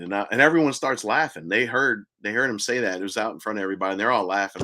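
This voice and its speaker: A man's voice: fairly low pitch, fast talker, hardly any pauses, bright, forceful tone. An older man hosting a podcast, telling a long, chatty personal story and laughing at his own tales. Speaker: podcast host.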